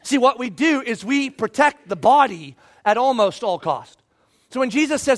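A male pastor delivers a sermon in a strikingly high voice. He is emphatic and animated, dropping to hushed asides and rising to shouts. His delivery is lively and insistent. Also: normal speed.

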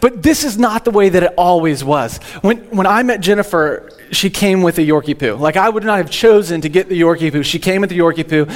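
A man's voice: high voice, lively intonation, a little fast, hardly any pauses. A young man, a teaching pastor, giving a humorous, rambling sermon in church with frequent restarts. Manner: jokey, rambling, repeats words when starting sentences.

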